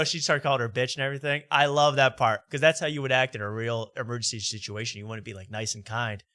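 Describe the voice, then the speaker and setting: A man hosting a late-night comedy show, riffing in loud, rambling, jokey rants. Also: mid-range voice, fairly even intonation, fast talker, no echo, clean studio sound. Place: studio.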